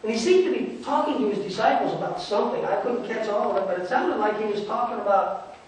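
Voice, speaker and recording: Male pastor doing a sneering merchant in a sermon monologue, very high-pitched, sarcastic, echoey church from far off, faint hiss. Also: fast talker, natural voice. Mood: scornful. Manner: sarcastic, dismissive storytelling. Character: scornful male merchant at the roadside, grumbling about beggars. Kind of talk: first-person dramatic sermon monologue. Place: church sanctuary. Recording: echoey church from a distant mic.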